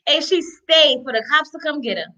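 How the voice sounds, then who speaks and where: A woman co-hosting a casual live-stream chat, expressive and quick to laugh. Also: sits high, crowd noise. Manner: laughs often, conversational and expressive.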